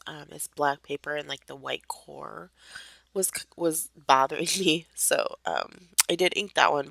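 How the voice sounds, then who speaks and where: A woman's voice: sits low, gravelly, a bit bright, dry recording. A young woman casually narrating her craft process over footage, rambling with lots of fillers and small laughs, her voice a bit off from allergies.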